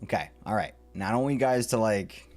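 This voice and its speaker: A man chatting playfully with his viewers while streaming a building game, often jumping into sudden high squeals. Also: fast talker, darkish tone, soft background music. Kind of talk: live game stream chat.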